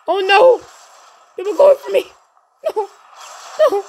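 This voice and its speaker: A woman giving excited gameplay commentary, cheering and shouting encouragement at her teammate. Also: extremely high pitch, takes it slowly, pauses often, a little hiss or hum. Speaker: gaming channel host.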